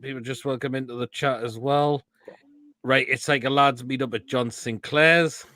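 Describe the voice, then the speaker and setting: A man with an English accent hosting a casual live stream, reading out viewer comments, swearing freely and laughing loudly. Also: mid-range voice, fairly even intonation, normal speed, dry recording. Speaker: show host.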